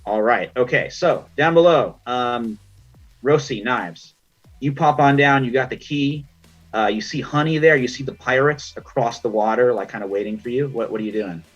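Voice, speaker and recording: Male game master, husky, easygoing narration, dull lo-fi audio with faint music. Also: mid-range voice. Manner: relaxed, with slow descriptive narration.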